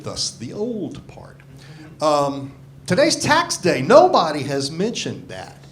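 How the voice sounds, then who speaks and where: A man's voice: a little high, huge pitch swings, takes it slowly, fairly bright tone, slight background noise. A man in his sixties doing a profane, self-deprecating stand-up set into a handheld microphone on a comedy club stage. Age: 60s. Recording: live comedy club with audience laughter.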